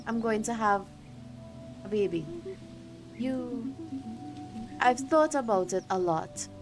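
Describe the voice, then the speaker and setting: A woman reading the lines of a quiet, firm young pregnant woman in a game, soft and apologetic. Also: fairly high pitch, slow pace. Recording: game music behind.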